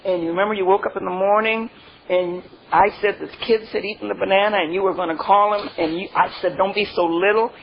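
A woman's voice: medium pitch, fairly even intonation, fast. An older woman sharing a heartfelt personal testimony, laughing through her stories and often saying "you know", on a dull lo-fi recording. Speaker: speaker sharing a recovery testimony. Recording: dull lo-fi recording with faint noise.

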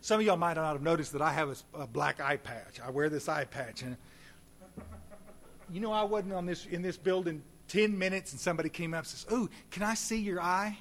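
Male recovery speaker, folksy, animated, slightly high voice, faint hum. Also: a little fast. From Texas. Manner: folksy and animated, addresses audience directly. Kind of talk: recovery meeting talk.

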